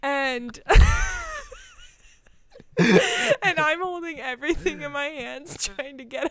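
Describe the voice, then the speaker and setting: A woman's voice: high voice, big pitch swings, unhurried, a crowd in the background. A woman in her thirties, a parent, telling a funny story in casual chat, laughing often and acting out the lines of her child.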